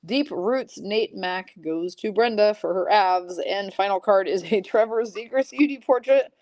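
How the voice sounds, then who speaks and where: A woman hosting a live-streamed trading card break, briskly calling out each pull and teasing her chat viewers. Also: medium pitch, a little mellow.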